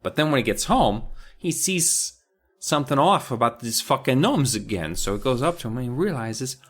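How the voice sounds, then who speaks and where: A man's voice: medium pitch, normal speed, husky. A man co-hosting a comedy podcast, retelling a book in casual, profane chat and jumping into silly voices. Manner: animated, profane, jumps into silly character voices.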